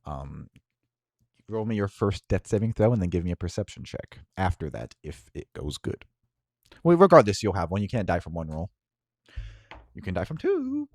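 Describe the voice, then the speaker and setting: A man's voice: sits low, huge pitch swings, normal speed, long pauses, no room sound, studio quality. A man narrating as game master of a tabletop game, casual and full of filler ums.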